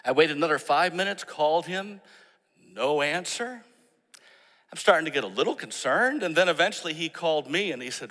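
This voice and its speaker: A man preaching a sermon, telling a story and acting out the people in it with animated emphasis. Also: high voice, a little fast, long reverb tail. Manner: storytelling, animated when quoting others. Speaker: pastor.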